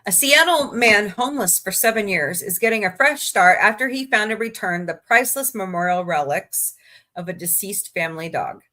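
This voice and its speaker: A woman hosts a relaxed livestream, greeting viewers by name and reading uplifting news with running commentary. Her voice is bright and forward at a middle pitch, and she sounds a little tired, yawning between stories. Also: moderate pace. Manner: chatty, reads news aloud with asides. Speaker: livestream host.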